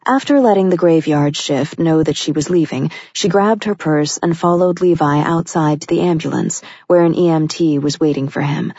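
A woman narrating a romance audiobook in an even, steady storytelling manner. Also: low-pitched, normal speed, hardly any pauses, husky, dry recording. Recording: dull, lo-fi dry recording.

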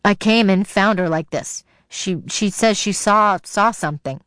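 A woman's voice: mid-range voice, unhurried, fairly bright tone, clean tone, no room sound, close to an everyday voice. A woman reading the part of a scared, defensive teenage boy in an audiobook, in a tense voice close to her own. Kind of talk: audiobook character voice.

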